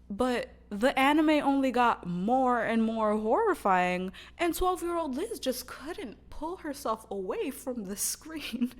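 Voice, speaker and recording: A woman in her twenties chatting casually about anime as a vlogger, candid and profane. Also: mid-range voice. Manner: candid and profane, lots of fillers and restarts. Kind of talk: casual chat.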